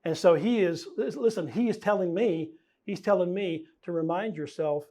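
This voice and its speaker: A man, the pastor, preaching a sermon in an earnest, conversational way, pausing and stressing key words. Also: sits high, dark tone.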